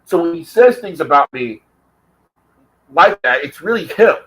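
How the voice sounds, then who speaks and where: A man's voice: a little high, expressive, unhurried, a bit bright, poor audio. A man ranting heatedly in a casual vlog, swearing constantly and repeating himself for emphasis. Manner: heated, profane, repetitive. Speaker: vlogger. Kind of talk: profane rant.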